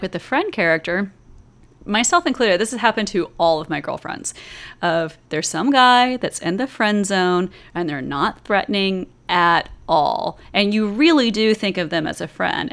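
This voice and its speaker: Woman from the American South, young adult, smooth clear voice, chatty, laughs a lot, slightly tipsy. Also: lowish voice. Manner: chatty, animated, laughs often, drawn-out syllables. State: tipsy from wine. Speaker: podcast co-host. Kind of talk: casual movie discussion.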